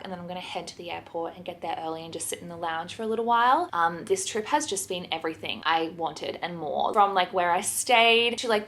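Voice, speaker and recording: A woman's voice: mid-range voice, fairly bright tone. A woman vlogging from a hotel room, gushing and sentimental, emotional and close to tears. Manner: gushing, sentimental, chatty with many "like" fillers. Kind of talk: casual vlog chat to camera.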